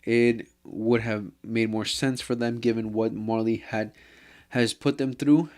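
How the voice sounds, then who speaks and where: A man's voice: medium pitch, steady tone, a little slow, a little mellow. Heated, profane man ranting casually. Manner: profane and heated, says "bro" constantly; rambling with many fillers and restarts. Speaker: vlogger. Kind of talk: casual anime rant.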